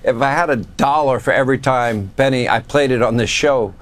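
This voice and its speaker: A man's voice: mid-range voice, fairly quick. A man hosting a cable news talk show, introducing clips and chatting with his guest. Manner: chatty, amused, conversational.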